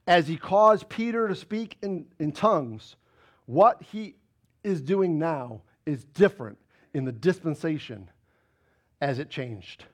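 A man preaching a sermon as pastor, firing rhetorical questions at the congregation and swinging between loud emphatic bursts and low quiet asides.

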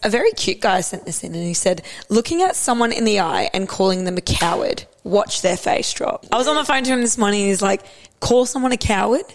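A woman's voice: mid-range voice, lively intonation, fairly quick, few pauses. Chatty, dry-humored woman co-host. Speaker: podcast co-host. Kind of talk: casual chat.

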